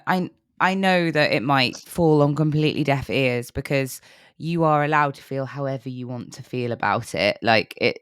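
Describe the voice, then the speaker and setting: A woman's voice: a bass voice, dry recording, clean studio sound. A woman co-hosting a podcast, speaking supportively and earnestly in casual chat. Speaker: podcast co-host.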